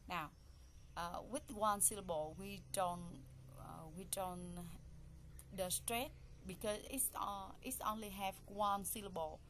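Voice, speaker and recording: A woman's voice: mid-range voice, fairly even intonation, slow, fairly bright tone, a little hiss or hum. A woman teaching English pronunciation, repeating each word and counting its syllables aloud in simple, non-native phrasing. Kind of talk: classroom pronunciation lesson.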